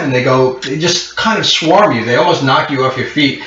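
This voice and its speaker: A man's voice: mid-range voice, fairly quick, hardly any pauses, fairly bright tone, slight background noise. A man narrating a tabletop game as game master, rambling with many fillers. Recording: muffled echoey room.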